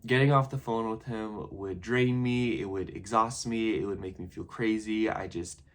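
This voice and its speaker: A man's voice: on the low side, steady tone, normal speed. A young man talking in a casual personal vlog, rambling and reflective, full of "like" and restarts. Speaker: vlogger.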